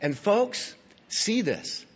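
Husky-voiced man preaching a sermon. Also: sits high, sing-song, drawn-out words. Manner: teaching, emphatic, addresses listeners directly. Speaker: pastor. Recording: dull, lo-fi recording in a reverberant hall.

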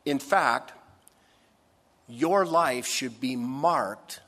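A man preaching a sermon, slow and emphatic, swinging between loud stressed phrases and soft, low asides. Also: in a large hall. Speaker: pastor.

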